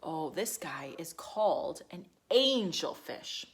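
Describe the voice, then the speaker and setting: A woman teacher reading a picture book aloud to young children, animated and sing-song, slipping into whispers and gasps. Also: medium pitch, a little slow. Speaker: preschool teacher.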